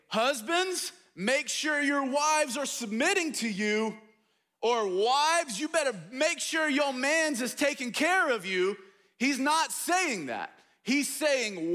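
A young male pastor preaching with a high, bright voice that rings out sharply. He drives his points home emphatically, rising to loud declarations and dropping to quiet asides. The delivery is direct and conversational, addressed to a congregation. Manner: emphatic preaching, swings between loud and hushed. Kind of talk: sermon.

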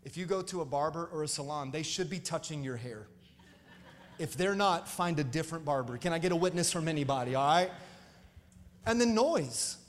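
High-voiced pastor preaching in an echoey hall. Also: male voice, fairly quick. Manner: animated, calls out to the congregation. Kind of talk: storytelling sermon.

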